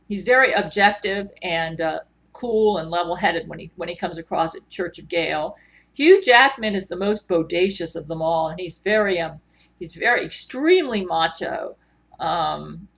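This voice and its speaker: A woman's voice: on the low side, vocal fry, fairly bright tone. A woman vlogger in a rambling, earnest monologue, full of ums and restarts. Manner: rambling, filler-heavy, earnest.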